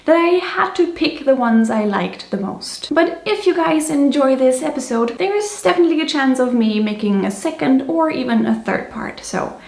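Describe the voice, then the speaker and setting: A woman's voice: sits high, animated, moderate pace, vocal fry, few pauses, darkish tone. A German woman with a German accent presenting a scripted, playful explainer video, chatty and joking. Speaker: YouTuber. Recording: echoey room.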